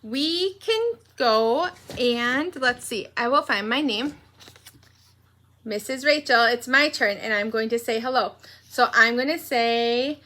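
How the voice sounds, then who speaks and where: Bright-voiced, slow-talking preschool teacher woman. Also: a little high. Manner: slow, gentle and sing-song, breaking into cheerful songs. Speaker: pre-K teacher. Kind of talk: read-aloud morning meeting lesson for young children.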